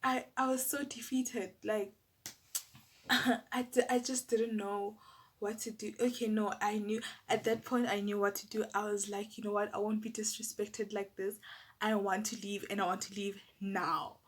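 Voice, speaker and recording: A young South African woman telling a personal story to camera in a casual, animated, exasperated way. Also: medium pitch, moderate pace. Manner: animated, exasperated, lots of fillers and asides to viewers.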